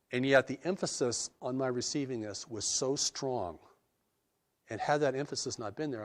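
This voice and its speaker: Earnest low-voiced man in an interview. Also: darkish tone. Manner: earnest, measured, with frequent restarts. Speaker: interviewee describing spiritual revelations. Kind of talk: reflective interview answers.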